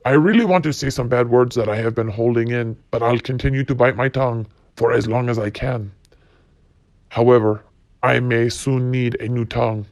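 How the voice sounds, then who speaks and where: A man's voice: mid-range voice, steady tone, normal speed, a little mellow, no room sound. Guy grumbling through a cussing rant, dead dry mic, mid voice. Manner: profane, blunt, grumbling. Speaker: podcast host. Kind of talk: solo rant reading quotes.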